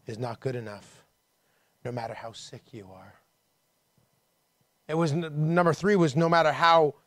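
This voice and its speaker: A man preaching a conversational sermon to his church, dropping low and quiet, then rising to emphatic calls. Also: no room sound. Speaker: pastor.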